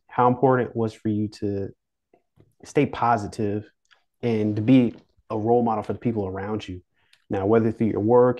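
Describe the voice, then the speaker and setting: A man's voice: fairly low pitch, a little mellow. A man hosting a podcast, asking loose, rambling questions in a casual interview. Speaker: podcast host.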